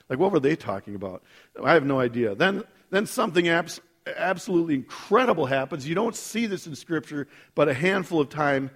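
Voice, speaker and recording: A man preaching a sermon in a lively, conversational way, often checking in with listeners. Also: fairly high pitch. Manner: animated, conversational, asks the listeners "right?". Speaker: pastor.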